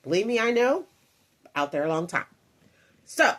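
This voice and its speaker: A woman's voice: medium pitch, sing-song, moderate pace, a bit bright. A woman hosting and commenting on a clip of faith teaching, talking reflectively with many fillers and asides.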